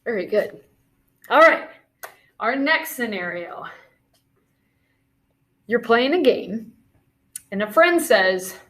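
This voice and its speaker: A woman's voice: fairly high pitch, lively intonation, takes it slowly, long pauses, fairly bright tone. A woman teacher leading a classroom video lesson, talking through scenarios and calling out movement commands in an encouraging way.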